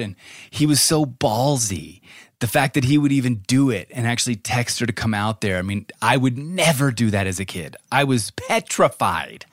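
A man in his forties co-hosting a podcast, telling a story in animated casual chat and laughing often. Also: medium pitch, normal speed, no echo, clean studio sound. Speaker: podcast co-host.

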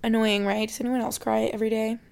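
A woman's voice: on the high side, level tone, fast, gravelly, darkish tone, clean tone. A young woman hosting her podcast in casual solo chat, rambling with lots of "like" and openly emotional. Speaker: podcast host.

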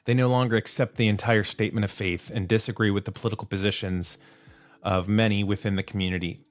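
A man's voice: fairly low pitch, steady tone, fast talker, no room sound. A man hosting a solo podcast in a casual, self-deprecating way, laughing at himself and using plenty of fillers. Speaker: podcast host.

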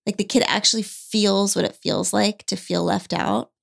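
Earnest woman thinking out loud. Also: mid-range voice, steady tone, moderate pace, vocal fry. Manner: thoughtful, earnest, many "like"s. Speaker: podcast co-host. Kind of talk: casual chat.

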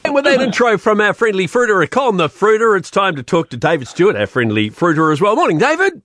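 A New radio host with a lively voice that swings up and down as he chats. His voice is slightly high, close and dry in the studio. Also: fast, no room sound. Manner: friendly, chatty host interjections. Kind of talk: casual radio chat.

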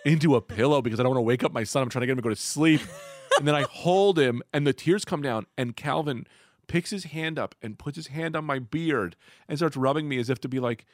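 A man in his thirties hosting a podcast, telling stories in an animated, laughing way and swearing freely. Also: medium pitch, fairly quick, no echo. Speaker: podcast host. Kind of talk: casual chat.

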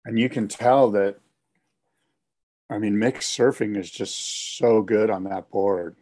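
A man co-hosting a casual chat, talking in a relaxed, rambling way with plenty of fillers. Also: on the low side, slow.

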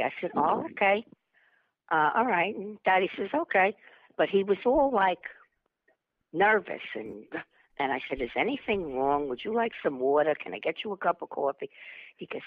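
An older woman is calling in and spinning a chatty tale, laughing as she goes. Her voice sits a little high and swings widely. The line sounds dull and dry. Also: normal speed, no room sound. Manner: chatty, animated storyteller, laughs often. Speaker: phone-in guest, host's mother. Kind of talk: storytelling on a phone call. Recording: muffled phone line.

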